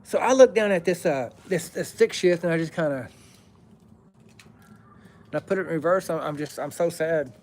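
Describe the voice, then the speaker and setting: A man's voice: fairly high pitch, moderate pace, pauses often, a little mellow. A middle-aged man telling a rambling story outdoors beside a fire, breaking off to greet viewers by name. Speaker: plumber telling stories on a live stream.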